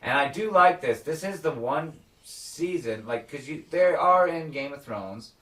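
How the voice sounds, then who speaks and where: Recorded from a distance in an echoey room, a man with a fairly high, slightly slow voice co-hosts a casual podcast recapping a TV episode. He's animated, acts out the characters' lines, and swears a lot.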